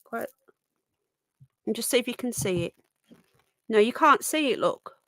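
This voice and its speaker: A woman's voice: fairly high pitch, lively intonation, unhurried, bright, forceful tone, no echo, studio quality. A woman hosting a live stream, chatting and rambling as she greets viewers and often breaks off mid-sentence. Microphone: close desk microphone.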